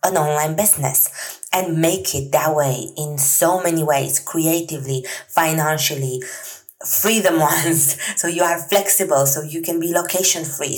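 Low-voiced woman hosting a chatty podcast. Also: low-quality recording. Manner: chatty and earnest, many fillers and soft laughs. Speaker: podcast host. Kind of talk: solo podcast monologue.

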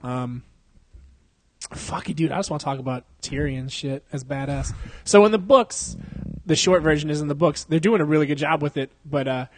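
A man's voice: a little high, normal speed, no room sound. Young male podcast host, profane and slangy, laughing, dry recording. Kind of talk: casual chat.

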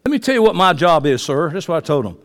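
A man, preaching a passionate sermon that swings from quiet asides to shouting. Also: a little high, very animated, fast. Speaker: pastor. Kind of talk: fiery sermon. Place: church sanctuary. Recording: long reverb of a church hall.

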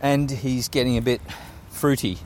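Man, mid-pitched, easygoing film chat, loud street noise. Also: normal speed. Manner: laid-back, swears casually. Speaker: film discussion co-host. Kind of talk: casual chat while walking. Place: city street outdoors. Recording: street noise from passing traffic. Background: traffic noise.

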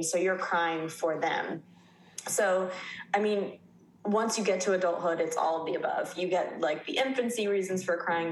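A young woman with a lowish voice chats casually as a podcast co-host, rambling through lists of examples. She sounds roomy and echoey, with faint ambient noise behind her. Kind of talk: casual chat.

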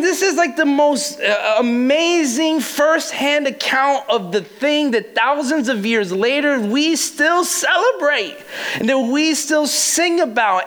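A man's voice: extremely high pitch, a bit bright, rough recording. A young adult man preaching a casual, playful sermon as pastor, acting out quoted voices with laughs.

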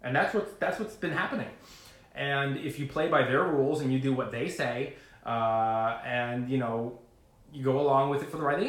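A man talking casually to camera about his investing, rambling and animated, swearing now and then. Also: mid-range voice, normal speed, echoey room. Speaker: retail investor vlogger.

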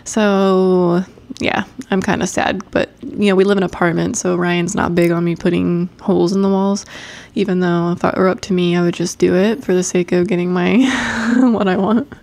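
Young woman co-hosting a podcast, stuffy nose, bit low and gravelly, rambly and laughing. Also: little pitch movement, moderate pace, a little mellow. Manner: rambling, self-interrupting, laughs often. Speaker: podcast co-host. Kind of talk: casual chat.

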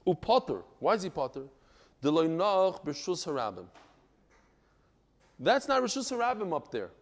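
A man from Brooklyn, New York, teaching a Talmud class in a lively, digressive way, breaking into joking stories. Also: a little high, normal speed. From United States (Brooklyn, New York).

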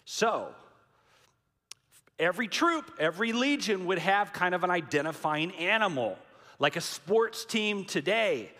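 A pastor delivers a dramatic, emphatic sermon, his voice rising and falling a lot. He speaks somewhat high for a man. A long reverb from a large church hall trails his words. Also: pushed and bright.

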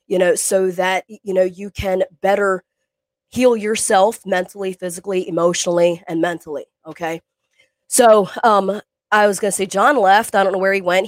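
A woman's voice: mid-range voice, dry recording. Woman, middle-aged, fitness podcast co-host, rambling, earnest, dry sound, video call. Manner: rambling, earnest, many fillers and restarts. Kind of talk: casual podcast chat.

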